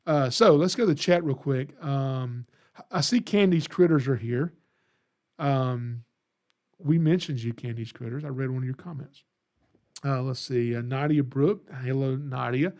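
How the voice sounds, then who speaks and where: A man hosting a podcast, telling a story in a rambling, animated way and reading out live chat comments. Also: mid-range voice, unhurried. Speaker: podcast host. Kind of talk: casual livestream podcast chat.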